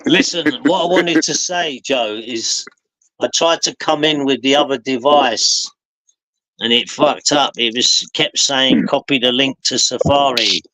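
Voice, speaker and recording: A man's voice: mid-range voice, a little slow, bright, forceful tone, no echo, poor audio. A middle-aged man hosting a casual online chat from a boat, talking in an easygoing, chatty way. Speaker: stream host. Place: on a boat in the rain. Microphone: online call mic.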